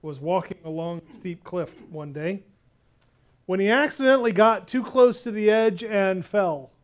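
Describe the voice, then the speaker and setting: A male pastor preaching a sermon, telling a story and slowing down hard on key words. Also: high voice, expressive. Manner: emphatic, slows down on key words.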